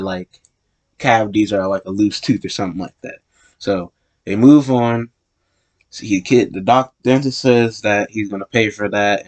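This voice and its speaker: A man with a fairly low voice tells a story in a loose, casual way. He wanders through the telling, restarting and correcting himself as he goes. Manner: rambling, self-correcting retelling.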